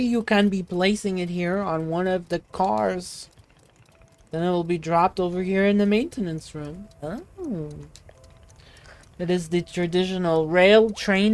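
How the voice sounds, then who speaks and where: A gentle, slightly odd tea shop keeper speaks in a thick put-on accent, voiced by a woman. He phrases everything formally and a little brokenly, slow and earnest. Faint game music runs beneath the voice. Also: on the low side. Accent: put-on foreign accent.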